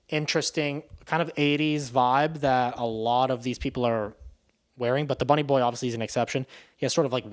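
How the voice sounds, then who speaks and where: Man doing an offhand, foul-mouthed spoken movie review, rambling, mid-pitched. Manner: rambling, profane, loose and offhand.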